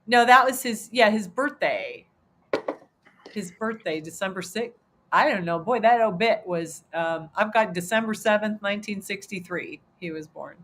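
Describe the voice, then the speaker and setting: A woman's voice: mid-range voice, lively intonation, moderate pace, a little hiss or hum. Rambling, emotional woman hosting a stream. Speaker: host. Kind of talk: casual livestream chat.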